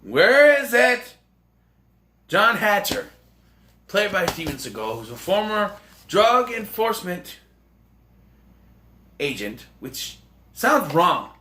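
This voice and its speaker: A man rambling excitably and jokingly through a casual movie review. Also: sits high, slow, long pauses, a little hiss or hum.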